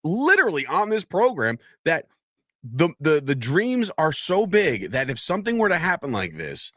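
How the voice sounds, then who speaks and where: Animated man co-hosting a wrestling podcast. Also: fairly high pitch, moderate pace, dry recording, clean studio sound. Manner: animated, swears freely, acts out quotes. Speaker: podcast co-host. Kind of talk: casual wrestling chat. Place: podcast studio.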